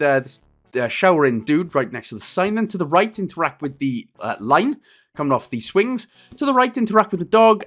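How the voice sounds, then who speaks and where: A man in his thirties narrating a game walkthrough in a casual, rambling, joking way, his voice going a little hoarse. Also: fairly high pitch, fairly bright tone. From Wales. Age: 30s. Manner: jokey, rambling, self-deprecating asides. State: losing his voice a bit. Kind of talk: casual gameplay walkthrough commentary.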